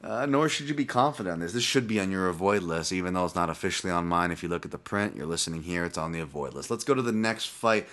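A man's voice: deep voice, fast, hardly any pauses, a bit bright. A man hosting a fight-analysis podcast, talking in a casual, rambling way with plenty of fillers, restarts and swearing.

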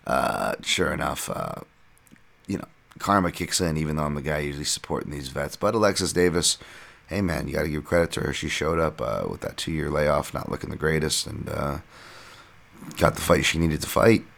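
A man's voice: a bass voice, animated, normal speed, vocal fry, a bit bright. A man hosting a podcast on his own, rambling through a casual breakdown with self-deprecating asides. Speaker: podcast host and fight analyst.

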